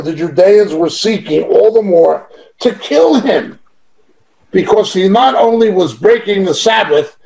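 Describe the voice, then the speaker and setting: A man's voice: high voice, gravelly, dark tone, poor audio. A man teaching through a Bible passage verse by verse, reading it aloud and stressing points by repeating them. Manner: emphatic, repeats key phrases, reads verses aloud.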